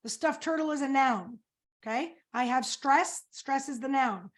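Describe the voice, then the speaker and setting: High-voiced energetic woman coach teaching. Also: a little slow. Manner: energetic, quizzes the audience with questions. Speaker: coach and presenter. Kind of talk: webinar presentation.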